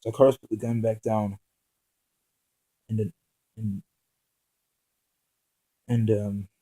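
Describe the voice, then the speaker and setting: Man haltingly reading his own story. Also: on the low side, level tone, dark tone, rough recording. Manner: halting reading with frequent restarts and fillers.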